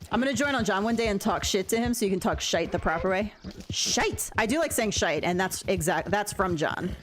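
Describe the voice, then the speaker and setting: A woman's voice: medium pitch, brisk, slight background noise. A woman streaming a game, chatting casually with her viewers in a rambling way and laughing often. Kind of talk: casual gameplay stream chat.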